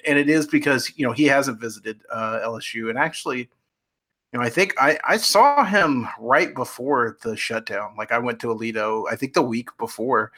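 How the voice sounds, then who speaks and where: A man with a bright, forward voice chats as a guest reporter. His talk is loose and hedging, with plenty of "you know"s and restarts. He keeps a mid-range pitch throughout. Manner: chatty, hedging with many fillers and restarts. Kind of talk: casual podcast chat.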